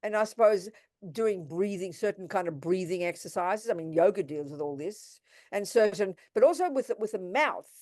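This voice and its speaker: A woman's voice: mid-range voice, lively intonation, moderate pace, no room sound, clean studio sound. An older woman teaching Buddhist practice on a video call, direct and emphatic, calling listeners sweetheart and darling. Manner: warm, direct, calls people sweetheart and darling.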